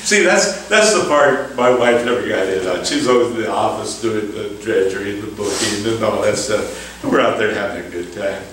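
An older man, a former fishing boat skipper, telling folksy stories to an audience, chuckling and acting out the voices in a high excited tone. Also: a little fast, slight background noise. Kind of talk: storytelling lecture. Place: town hall lecture room. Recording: echoey hall, far from mic.

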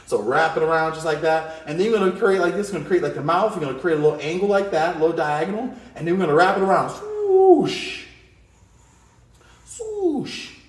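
High-voiced, hyped man teaching drawing. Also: rapid-fire, few pauses. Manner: playful and hyped, calls out to kids, adds sound effects. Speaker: art teacher. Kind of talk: energetic drawing lesson for kids. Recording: echoey room.

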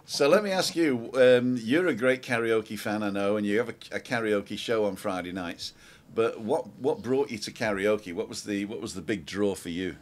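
A man's voice: on the low side, moderate pace. A man hosting a casual talk show, telling stories animatedly and imitating singers. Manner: animated storyteller, mimics singing. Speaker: host. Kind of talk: casual chat.

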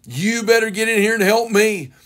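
A man's voice: high-pitched, moderate pace, a bit bright, voice pushed up. Brief: male preacher acting out a mother calling her boy in a sermon story, firm and scolding. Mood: stern.

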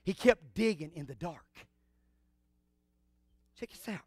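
A man preaching an impassioned sermon, shouting out exclamations, then dropping to hushed asides. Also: on the high side, animated, takes it slowly, slightly rough, no echo, studio quality. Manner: call-and-response exclamations. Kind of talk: fiery sermon.

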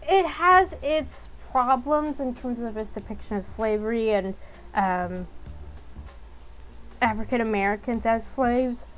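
A woman's voice: a little high, a little hiss or hum, rough recording. A young woman chatting casually while playing a story game, rambling along with frequent ums. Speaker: game streamer.

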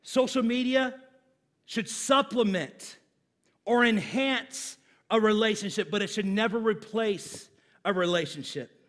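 A man's voice: high voice, unhurried, a bit bright. A middle-aged man, a pastor, preaching a sermon in a church with a humorous, conversational storytelling manner.

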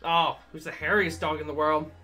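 A man's voice: fairly high pitch, flat delivery, normal speed, pushed and bright. A man streaming a game live, chatting casually with viewers and cooing at his dog in baby talk. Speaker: livestreamer.

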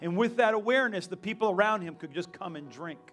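A man's voice: high-pitched, lively intonation, fast talker, fairly bright tone. A man preaching a fervent sermon as pastor, with playful asides to the congregation. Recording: live church with faint music and crowd.

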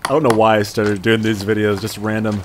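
A man's voice: flat delivery, brisk, loud music behind the voice. A man hosting a video channel about sleep apnea gear, talking in a casual, joking, self-mocking way. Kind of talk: casual vlog talk. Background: his own bass playing.

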